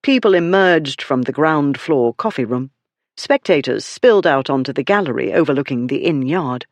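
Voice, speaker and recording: A steady, measured audiobook narrator reads a historical romance at mid pitch. The delivery stays even. The booth sound is dry and close. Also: no echo. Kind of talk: scripted narration.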